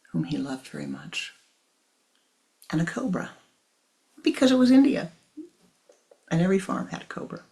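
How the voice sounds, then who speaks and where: A man teaching meditation and telling a parable in a slow, hushed, often whispery manner. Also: on the high side, vocal fry. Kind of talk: spiritual teaching and storytelling.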